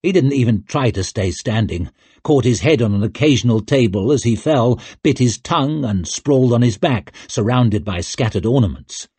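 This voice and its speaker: A man reading an audiobook in a measured, expressive way, close to the mic. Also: mid-range voice, breathy edge, no room sound. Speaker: audiobook narrator. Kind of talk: scripted narration.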